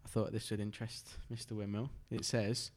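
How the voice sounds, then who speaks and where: A man's voice: fairly low pitch, little pitch movement, fairly quick, a little mellow. A young man, a podcast co-host in casual banter who jokes, laughs often and reads a news story aloud. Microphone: studio microphone with headphones.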